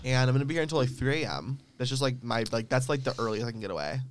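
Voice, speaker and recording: A man's voice: medium pitch, racing, slight background noise. A young man co-hosting a podcast, talking loosely with plenty of fillers and laughs in casual chat. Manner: loose and chatty, lots of "like" and laughs. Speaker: podcast co-host. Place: small room, filmed podcast.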